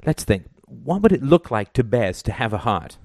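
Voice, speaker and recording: A man's voice: mid-range voice, big pitch swings, normal speed, creaky, darkish tone, no echo, studio quality. A man voicing a sleepy, shrewd, ambitious wife in an audiobook, in a calculating, coaxing manner. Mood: probing. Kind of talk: audiobook character reading.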